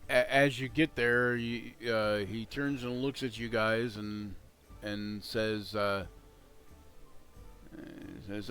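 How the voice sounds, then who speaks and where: A man running a tabletop game as game master, narrating in a relaxed, halting way with frequent pauses. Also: fairly low pitch, clean tone, soft background music. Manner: relaxed, halting, with many ums.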